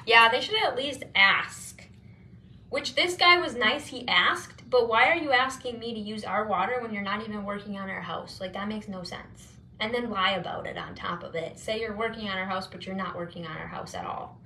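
While applying her makeup for a vlog, a young woman chats through a long story, exasperated and rambling, peppering it with "like" and performing her own lines from the conversations. She describes herself as non-confrontational; her medium-pitched voice has a sharp tone over slight background noise.

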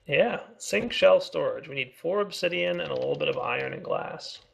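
Raspy upbeat man teasing through gameplay. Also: a little high, animated, normal speed. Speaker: co-host of a game video series. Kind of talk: casual gameplay chat.

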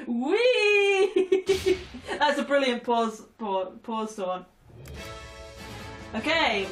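A woman giving excitable, giggly let's-play commentary, often shouting at the game. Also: on the high side. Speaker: gamer. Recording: echoey room, distant mic, game music.

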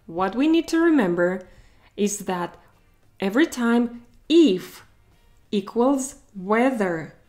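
Female language tutor, unhurried, mid pitch, careful drill-style delivery. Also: darkish tone. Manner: slow, careful modeling of Russian example sentences. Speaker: Russian language teacher. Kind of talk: explaining grammar to learners.

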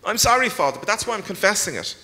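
A man's voice: lively intonation, quick pace, bright, forceful tone. A man reading aloud, voicing a nervous, candid fourteen-year-old boy at confession. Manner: hesitant, candid, pitch jumping upward. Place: large concert hall. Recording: long concert hall reverb.

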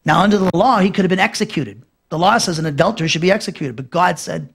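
A man preaching an expository Bible lesson, emphatic and repetitive, pushing his voice up for stress and dropping low to close each point. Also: animated, fairly quick, vocal fry. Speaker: pastor teaching a Bible class. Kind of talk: expository sermon.

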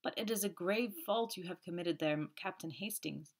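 A woman voicing a fussy male magistrate, stern and indignant but soft-hearted. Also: fairly low pitch, moderate pace. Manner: indignant, then sentimental sighs.

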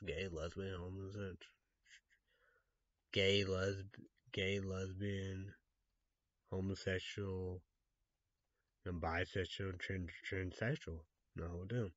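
A man talks slowly through a rambling vlog monologue, leaning on filler phrases and breaking into curses when something shocks him. His voice sits mid-range. The recording is dry and dull, with a lo-fi sound. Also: on the low side, no room sound. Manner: rambling, repeats "you know", swears when outraged. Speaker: vlogger.

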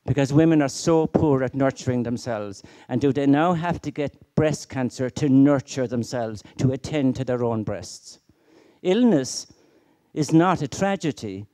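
A man's voice: medium pitch, animated, a little slow, dark tone. A middle-aged man giving a conference keynote, emphatic and full of rhetorical questions and stories. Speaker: keynote speaker.

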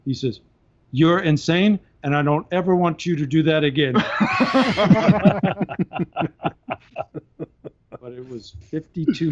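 A man telling long stories on a podcast in a casual, animated way, often laughing as he talks. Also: on the high side. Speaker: podcast guest. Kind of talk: casual storytelling. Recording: dull lo-fi podcast audio.

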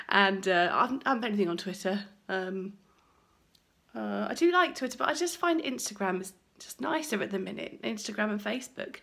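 A woman's voice: mid-range voice, gravelly, fairly bright tone, breathy edge. A woman chatting casually to camera in a vlog, rambling and laughing now and then. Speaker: vlogger. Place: home, then walking outdoors and a busy cafe.

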